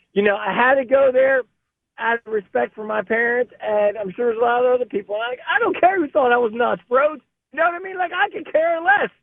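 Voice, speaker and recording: An excited man calls in, his very high voice gravelly with fry. He sounds tinny over a phone line and keeps calling the host "bro" as he gets emotional. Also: no echo. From Philadelphia area. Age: 50s. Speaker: caller. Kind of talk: excited call-in chat.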